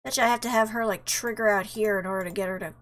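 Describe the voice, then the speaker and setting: A woman's voice: mid-range voice, steady tone, very fast, a bit bright. A woman streamer giving casual, jokey commentary while playing an adventure game, often telling the character where to go. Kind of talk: casual let's-play commentary.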